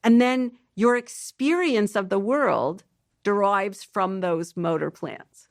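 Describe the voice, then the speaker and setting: A woman scientist guest explaining how emotions work in a relaxed podcast conversation, thinking aloud with restarts and playful asides. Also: medium pitch, slow pace, no room sound, studio quality.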